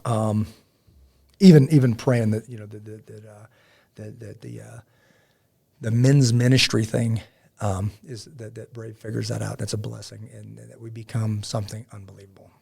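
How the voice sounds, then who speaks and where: A man hosting a casual faith podcast, telling stories in a rambling, animated way with many fillers. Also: on the low side, moderate pace, vocal fry, slightly rough. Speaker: podcast host.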